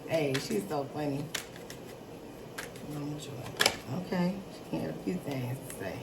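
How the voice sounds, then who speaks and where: A middle-aged woman giving a casual tarot reading on her channel, chatty and excitable, talking straight to her viewers. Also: deep voice, vocal fry. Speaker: tarot reader and channel host. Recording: noisy background hiss.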